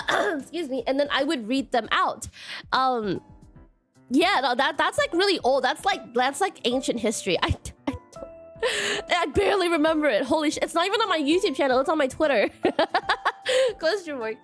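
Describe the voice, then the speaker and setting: Woman streamer, casual chat, giggly, self-deprecating, bouncy animated pitch. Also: normal speed, soft background music. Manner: giggly, self-deprecating, stumbles over words.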